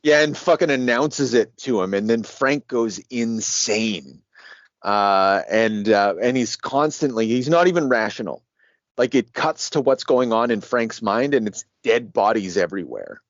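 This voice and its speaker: A man co-hosting a casual podcast about comics, talking in an animated way, laughing often and swearing freely. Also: mid-range voice, measured pace, no echo. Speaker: podcast co-host. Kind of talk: casual comic book discussion. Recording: dry, dull lo-fi sound.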